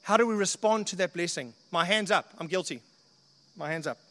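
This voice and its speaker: A man with a high-pitched voice preaching a sermon, earnest and conversational, often turning to his listeners with questions. His voice rings with the long reverb of a church hall. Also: brisk, bright, forceful tone. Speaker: pastor.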